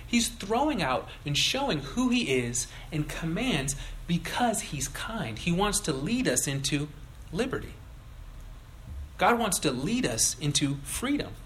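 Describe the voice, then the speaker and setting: A younger male pastor preaches with a lively, swooping delivery and a bright, forceful tone. He slips into playful voices for his stories. Faint room ambience sits behind him. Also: on the high side, unhurried, a little hiss or hum, rough recording. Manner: animated, acts out voices in illustrations. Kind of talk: sermon.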